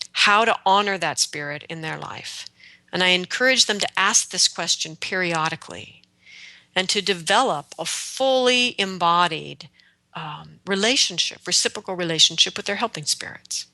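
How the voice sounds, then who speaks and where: A woman hosting a radio show on shamanic practice, speaking slowly and earnestly in a reflective spiritual talk. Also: medium pitch, animated, sharp tone, dry recording. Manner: slow, deliberate and earnest.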